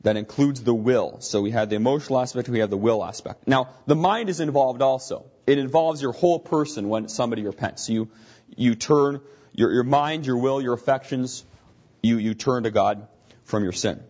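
A man's voice: medium pitch, moderate pace, darkish tone, dull audio. A man teaching a Bible lesson, explaining as he thinks aloud and often restarting his sentences.

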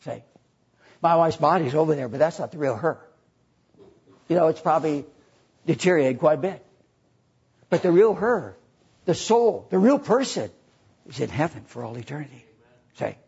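Older guy preaching, husky high voice, earnest storytelling, dull lo-fi sound. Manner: earnest storytelling, rising to excited emphasis. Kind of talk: sermon with illustrated story. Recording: dull lo-fi recording.

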